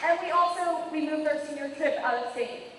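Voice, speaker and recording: A woman's voice: sits high, moderate pace, crowd noise, background noise. A teenage girl, senior class president, giving a graduation speech, emotional and apologetic, laughing through tears. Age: teens. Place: large hall. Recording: echoey hall from far off.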